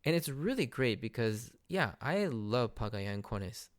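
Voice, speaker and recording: At normal speed, a male podcast host with a mid-range voice and big swings in pitch recaps anime episodes. His tone is casual and eager, with lots of laughter and impressions of character dialogue.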